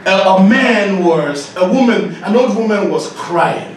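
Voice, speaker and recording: High-pitched man lecturing in an echoey hall. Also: measured pace. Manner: animated, joking, often laughing and shouting. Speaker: leadership coach. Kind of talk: lively masterclass talk to an audience. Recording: echoey hall, distant mic, noisy.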